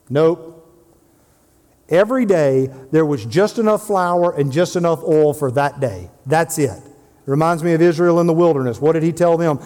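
A pastor with a fairly high, slightly mellow voice preaches at a moderate pace in a church sanctuary, under long hall reverb. He retells Bible stories as a storyteller, acting out the biblical dialogue in casual voices.

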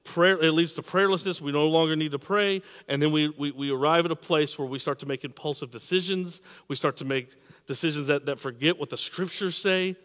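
A man preaching a sermon, repeating and restarting words, swinging between emphatic peaks and quiet drops. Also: on the high side, fairly quick, long reverb tail. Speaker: pastor.

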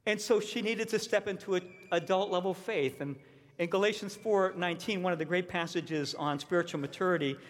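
A man's voice: high voice, brisk. A man preaching a sermon as a pastor, earnest and emphatic, repeating his key points. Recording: long reverb of a large hall.

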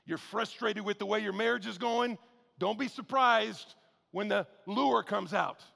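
A male pastor preaching in a conversational, animated way, with shouted emphasis and quick, low asides. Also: gravelly, in a large hall. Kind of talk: sermon.

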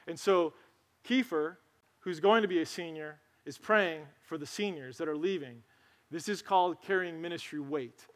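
A man giving a conversational sermon as pastor, telling stories and asking his congregation questions. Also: sits high. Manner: conversational, storytelling, asks the crowd questions. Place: church sanctuary.

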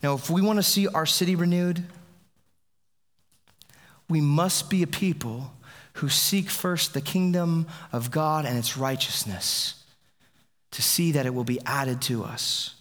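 Male pastor mid-sermon, slightly high voice, conversational, many restarts, echoing sanctuary sound. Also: a little slow, pauses often, fairly bright tone. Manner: conversational preaching with frequent restarts. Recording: long reverb of a large hall.

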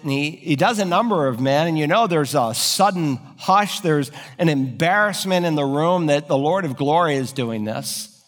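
Preacher in a reverberant hall, pitched a bit high. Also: male voice. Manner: explains Greek word order, builds to emphatic peaks. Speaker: pastor. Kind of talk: expository sermon.

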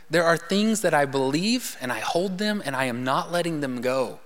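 A man preaches to his congregation in a fairly high voice, and it rings on through a reverberant sanctuary. He tells the story with animated energy and sinks into hushed tones to make a point. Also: normal speed. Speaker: pastor. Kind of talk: sermon. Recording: long hall reverb.

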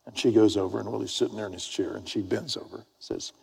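Husky male preacher in reverberant hall. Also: on the low side, fairly even intonation, fast. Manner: storytelling, swings from loud emphasis to hushed whispers. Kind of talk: sermon with personal anecdote. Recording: long reverb of a large hall.

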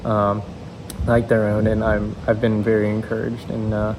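Halting young man giving a church testimony. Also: fairly low pitch, completely flat delivery, noisy background. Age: young adult. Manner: halting, many fillers and restarts. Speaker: youth speaker.

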